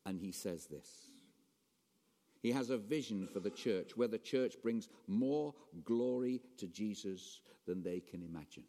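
A man preaching a sermon as pastor, animated, swinging between raised emphasis and quiet asides. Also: on the low side, measured pace. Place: church hall. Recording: long reverb of a church hall.

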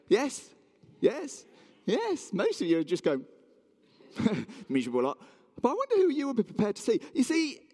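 A man's voice: high voice, darkish tone. A man preaching a sermon in a church hall, telling a story with animation and asking the audience questions.

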